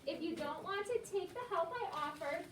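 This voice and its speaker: A woman's voice: very high-pitched, lively intonation, brisk. A woman teacher leading a reading lesson in a classroom, patiently prompting pupils and explaining words. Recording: echoey classroom from far off, loud noise.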